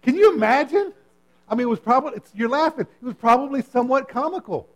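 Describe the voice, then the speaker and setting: A man preaching a sermon in a conversational, animated way, repeating phrases, checking in with his listeners and acting out the voices in the story. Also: very high-pitched, very fast. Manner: animated, repetitive, acts out voices. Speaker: pastor.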